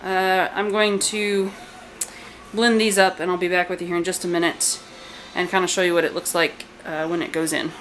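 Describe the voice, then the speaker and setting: A woman's voice: on the low side, little pitch movement, normal speed, a bit bright. A woman casually chatting through a home cooking vlog in her kitchen, rambling with fillers and asides. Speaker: home cook and channel host. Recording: home video with noticeable background noise.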